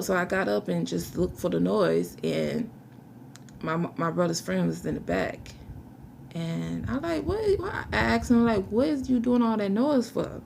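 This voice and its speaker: A young woman talks about her past in a low, heavily gravelly voice. She speaks haltingly, restarting sentences and fighting back tears. A faint hiss sits under the recording. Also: a little mellow. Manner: halting, searching for words, restarts. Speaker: vlogger telling her life story. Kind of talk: emotional personal testimony.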